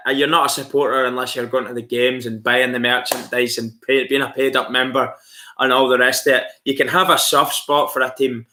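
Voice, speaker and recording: A man's voice: medium pitch, pushed and bright. A man hosting a casual live stream, chatty and rambling with lots of fillers. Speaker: livestream host.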